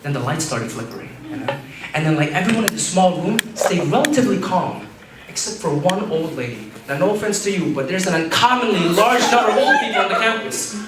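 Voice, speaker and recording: A man's voice: high-pitched, very animated, a little fast. A young man doing an open mic stand-up set, rambling with fillers and laughing at his own jokes, recorded by a far camera in a campus restaurant. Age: young adult. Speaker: stand-up comedian. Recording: echoey room, far camera, background noise.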